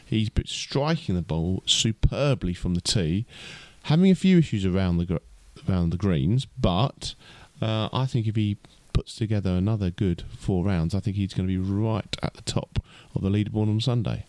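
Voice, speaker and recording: A man's voice: lowish voice, normal speed, few pauses, dark tone, no echo. A man co-hosting a casual podcast chat, rambling with lots of restarts. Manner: chatty, lots of fillers and restarts. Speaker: podcast co-host.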